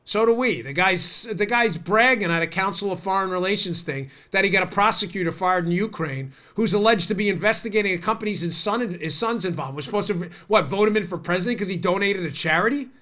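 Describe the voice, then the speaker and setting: A stuffed-up man hosts a talk show in a high, bright voice that swings up and down a lot. He rants and mocks with heavy sarcasm. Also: lively intonation, quick pace, few pauses. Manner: sarcastic, ranting, mocking. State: stuffed up from a cold. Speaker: political talk show host. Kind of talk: opinionated talk show monologue.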